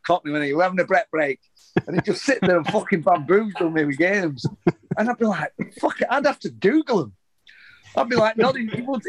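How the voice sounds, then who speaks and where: A man, a former footballer, telling rambling anecdotes in a casual interview, swearing heavily and restarting his sentences often. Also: a little high.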